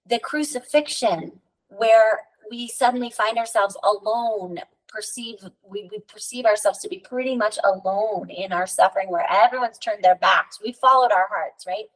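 A woman's voice: medium pitch, moderate pace, recorded from a distance, low-quality recording. A woman guest on a podcast, talking earnestly about spirituality, telling stories and often adding "right?" and "you know". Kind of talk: casual spiritual conversation.

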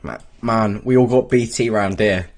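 A man's voice: on the low side, moderate pace, background noise. A man from the United Kingdom joking around in a casual chat with friends on an online call. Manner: joking, laughs often.

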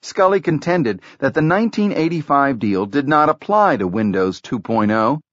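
A man narrating an audiobook in a measured, even storytelling delivery. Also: mid-range voice, no room sound, dull audio. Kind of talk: scripted narration.

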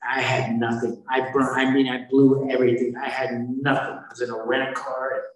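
A man's voice: medium pitch, flat delivery, fairly quick. A middle-aged man telling his recovery story at a meeting, blunt and rambling, often stopping to restart his sentences. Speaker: speaker sharing at a recovery meeting. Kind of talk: personal recovery testimony. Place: meeting hall. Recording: very echoey hall, from far off.

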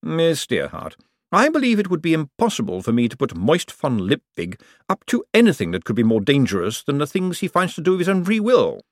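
A man's voice: on the high side, huge pitch swings, no room sound, studio quality, pitched above the performer's own voice. A man voicing a suave, sardonic ruler. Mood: smooth. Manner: cool, measured, drily amused.

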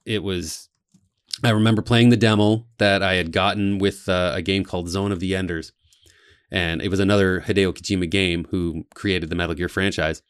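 A man co-hosting a casual podcast chat, telling excited stories about games he loved. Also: sits low, moderate pace, clear, resonant tone, dry recording, studio quality. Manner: excitable, gushing storyteller. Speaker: podcast co-host.

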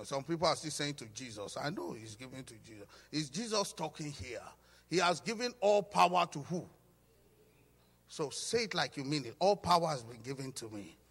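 A pastor preaching a sermon with emphatic call-and-response, urging the congregation to repeat after him. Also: male voice, on the high side, fairly bright tone. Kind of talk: sermon teaching. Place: church hall. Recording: hall reverb.

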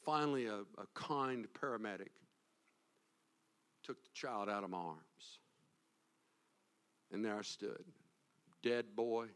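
Impassioned male pastor preaching a sermon. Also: lowish voice. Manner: storytelling, building to loud impassioned preaching.

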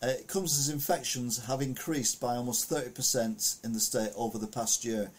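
A man's voice: medium pitch, steady tone, normal speed. A man casually reading news headlines aloud and adding rambling, self-correcting comments full of fillers.

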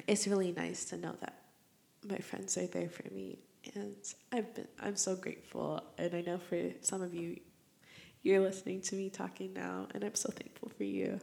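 A young woman hosts her own podcast, speaking alone in a casual, heartfelt way. Her voice sits a little low and carries a gravelly fry. She rambles and reflects as she goes. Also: moderate pace, darkish tone. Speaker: podcast host. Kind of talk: casual solo podcast monologue.

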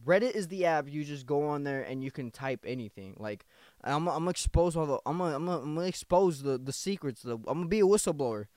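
A man's voice: on the high side, expressive, fast, darkish tone, no echo. A man in his twenties hosting a casual podcast, rambling, repeating himself, swearing and calling the listener bro. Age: 20s. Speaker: podcast host. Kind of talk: casual confessional podcast monologue.

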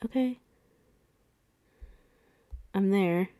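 This studio-quality, dry recording features a podcast co-host in her thirties with a warm, medium-pitched voice and drawn-out words. She's having a casual rewatch chat about a movie, laughing a lot, cursing, and acting out lines.

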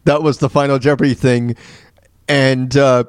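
A man's voice: medium pitch, flat delivery, moderate pace, smooth, no room sound, studio quality. A man hosting a radio show, telling stories in a rambling, casual way with many fillers and restarts. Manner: laughs at his own retold jokes. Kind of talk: casual storytelling monologue.

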